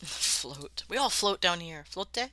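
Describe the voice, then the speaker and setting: A woman's voice: on the low side, expressive, takes it slowly, bright, forceful tone. A woman streaming live, chatting casually and swearing freely as she worldbuilds and sounds out words, laughing often.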